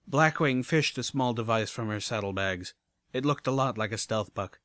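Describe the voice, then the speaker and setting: A man reading a first-person story aloud in a steady, even storytelling manner. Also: fairly low pitch, moderate pace, no room sound. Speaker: audiobook reader. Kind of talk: first-person audiobook narration.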